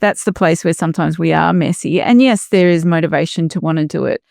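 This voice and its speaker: Woman host, middle-aged, smooth lowish voice, dry close sound, empathetic. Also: brisk, no room sound. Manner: warm, empathetic, reflective. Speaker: podcast host. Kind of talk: casual conversation.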